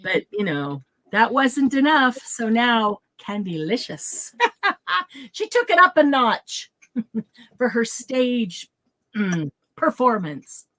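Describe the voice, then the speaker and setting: Cheery lady hosting a craft livestream, kinda high pitched, keeps laughing and saying hi to people. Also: big pitch swings, slow, a bit bright. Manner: bubbly, laughs often, greets viewers by name. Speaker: craft show host. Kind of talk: casual livestream chat.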